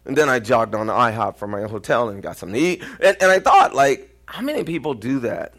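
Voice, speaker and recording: A pastor with a Texan accent preaching a storytelling sermon, acting out quoted voices and sometimes near-shouting. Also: male voice, medium pitch, very animated, fast.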